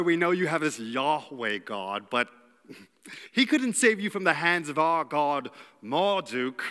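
A man's voice: a little high, pushed and bright, exaggerated voice. A man voicing a scheming male court official of an ancient empire, with a theatrical evil old-world accent and a mocking, grandiose manner. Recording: long hall reverb.

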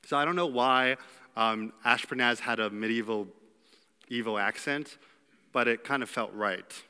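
A man's voice: medium pitch, unhurried, bright, forceful tone, clean tone. A man preaching a sermon as pastor, in an earnest, plain-spoken way with some fillers. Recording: long hall reverb.

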